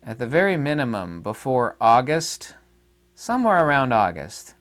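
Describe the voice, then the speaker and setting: A man's voice: mid-range voice, big pitch swings, moderate pace, fairly bright tone. Rambling man, casual monologue. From United States. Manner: rambling and emphatic, with many fillers and restarts. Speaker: online commentator.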